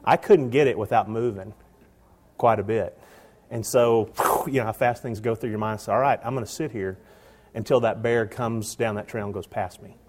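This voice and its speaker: A middle-aged man telling a hunting story live to an audience, animated, with frequent halting restarts. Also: lowish voice, noisy background. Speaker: storyteller guest.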